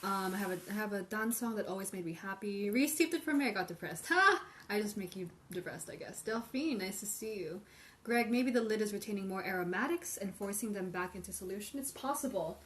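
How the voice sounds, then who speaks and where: A tea livestream host thinks aloud while comparing infusions and fielding viewer questions. Her mid-range voice runs a little fast, and there's slight background noise over the roomy stream audio with faint ambience.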